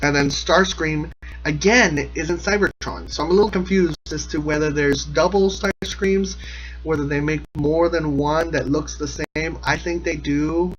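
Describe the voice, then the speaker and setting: A man's voice: on the high side, fairly even intonation, normal speed, highs cut off. A man giving a casual, rambling comedic recap of a cartoon episode, sarcastic and often laughing. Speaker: episode commentator.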